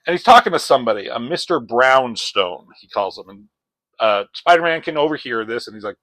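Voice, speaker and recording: A man's voice: medium pitch, expressive, brisk, fairly bright tone, dry recording, poor audio. A man giving a casual comic book review, rambling and swearing as he retells the story. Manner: profane, rambling, retells scenes in voices.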